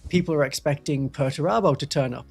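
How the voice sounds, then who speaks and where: Husky man with a softened Northeast English accent. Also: fairly high pitch, fast, faint music behind. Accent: toned-down Northeast English. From Northeast England. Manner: chatty, wry, rambling asides. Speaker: Warhammer streamer. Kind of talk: live stream chat answering viewers. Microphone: studio microphone.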